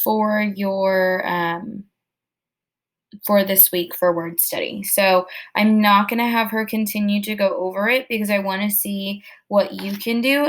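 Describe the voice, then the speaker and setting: A woman teacher giving her class casual instructions in a relaxed way, with many ums. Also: mid-range voice.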